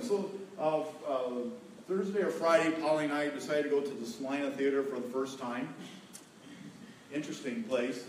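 A man's voice: mid-range voice, normal speed, distant mic, a little hiss or hum. A middle-aged man preaching a sermon on marriage as a folksy storyteller who jokes with his listeners and repeats key words. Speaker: pastor. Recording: echoey hall, voice from afar.

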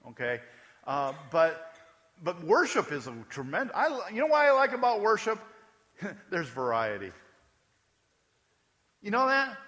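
A man preaching a sermon in a lively, conversational style, with joking asides and questions to the congregation. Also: on the high side. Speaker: pastor. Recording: echoey hall.

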